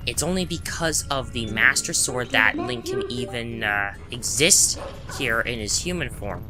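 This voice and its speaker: A man's voice: mid-range voice, lively intonation, measured pace. A man giving casual, chatty commentary over a game walkthrough, correcting himself often and adding wry asides. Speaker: gameplay commentator. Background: game music.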